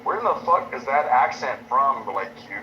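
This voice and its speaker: A man's voice: mid-range voice, lively intonation, normal speed, a little hiss or hum. A man in a casual chat, arguing in a blunt, incredulous tone and swearing freely. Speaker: chat room participant. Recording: dull lo-fi audio.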